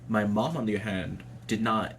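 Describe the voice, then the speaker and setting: A man's voice: lowish voice, brisk, fairly bright tone, a little hiss or hum. A young adult man telling a personal story to camera in a casual, chatty way, swearing freely and laughing often. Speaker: vlogger.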